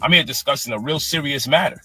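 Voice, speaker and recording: Bright, husky man ranting angrily. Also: medium pitch, quick pace, no echo, soft background music. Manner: angry, profane, exasperated. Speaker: online personality defending his program. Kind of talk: heated live-stream rant.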